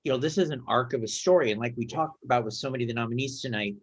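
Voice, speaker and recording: A man's voice: medium pitch, rapid-fire, breathy edge. A man hosting an interview show, chatting with nominees in a friendly way. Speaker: host.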